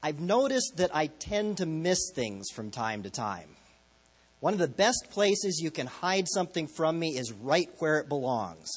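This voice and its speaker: A man's voice: on the high side, very animated, unhurried, slightly rough. A man preaching a sermon as a pastor, telling stories in a conversational, lightly humorous way.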